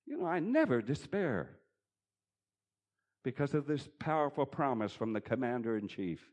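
A man preaching a sermon, swinging between loud, emphatic bursts and quiet, chuckling asides. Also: medium pitch, sing-song, moderate pace.

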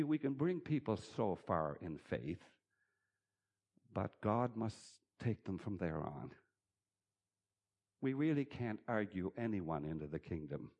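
A man preaching a sermon, swinging between loud, emphatic bursts and quiet, chuckling asides. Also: lowish voice, dull audio.

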